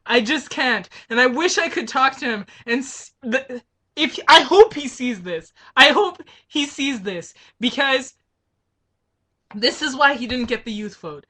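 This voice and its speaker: A woman's voice: high voice, lively intonation, measured pace, sharp tone. A woman venting to camera in a political rant, heated and frustrated, firing off rhetorical questions. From Canada. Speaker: vlogger.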